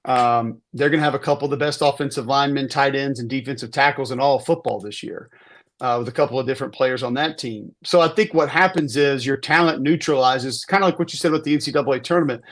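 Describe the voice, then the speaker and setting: A man's voice: mid-range voice, quick pace. A man giving an emphatic, conversational football breakdown on a podcast, often restarting sentences. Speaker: football analyst guest. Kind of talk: casual sports podcast talk.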